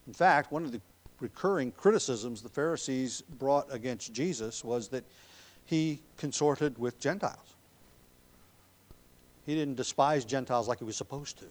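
A man preaching an expository sermon as a pastor, emphatic on key words, with frequent ums and throat clearing. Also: medium pitch, normal speed.

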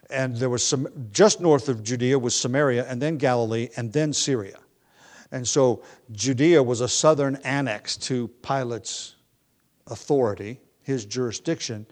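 A man teaching a Bible study, talking in a relaxed, conversational way with frequent pauses and restarts. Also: mid-range voice.

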